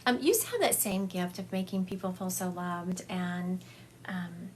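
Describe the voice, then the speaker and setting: A woman's voice: fairly low pitch, normal speed, slight background noise. A woman, a psychic medium giving readings to viewers on a livestream from her home, chatty and affectionate, calling people honey and laughing often. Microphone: phone livestream.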